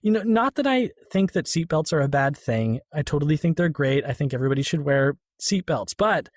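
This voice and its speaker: A man chatting casually about a film on a podcast, animated, now and then lowering his voice to quote lines. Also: brisk.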